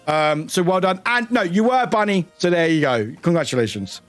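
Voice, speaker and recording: A tired British man streaming live, chatting in a rambling, excitable way and swearing now and then. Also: high-pitched, fairly quick, soft background music. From United Kingdom. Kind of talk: casual livestream chat.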